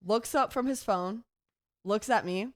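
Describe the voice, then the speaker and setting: A young woman in her twenties tells a story on a podcast, playful and animated, slipping into quoted voices. Her voice sits at an average pitch, recorded dry and close with no room sound. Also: a little slow, no echo. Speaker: podcast co-host. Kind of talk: casual storytelling chat.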